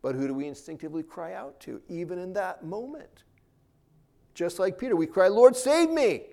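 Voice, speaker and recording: Male pastor, slightly high voice, lively preaching delivery. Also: brisk, vocal fry. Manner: animated, rising and falling emphasis. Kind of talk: sermon.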